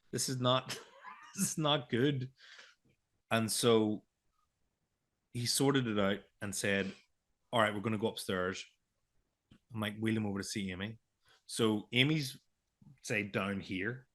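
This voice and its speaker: Podcast co-host, male, lowish voice, emotional first-person storytelling with quoted dialogue. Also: fairly bright tone. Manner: emotional retelling with quoted dialogue, hesitant restarts.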